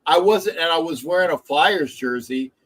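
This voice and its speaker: A man with a fairly high voice hosts a loose sports livestream. He rambles through his thoughts and restarts sentences often. He swears casually along the way. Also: expressive, normal speed, a bit bright, low-quality recording. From Philadelphia area. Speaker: livestream host.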